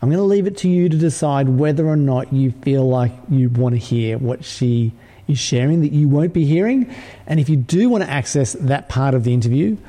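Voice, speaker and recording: A man's voice: mid-range voice, animated, brisk, warm tone. Upbeat man hosting a podcast. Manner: upbeat, salesy, emphatic. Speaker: podcast host. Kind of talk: scripted podcast intro and interview.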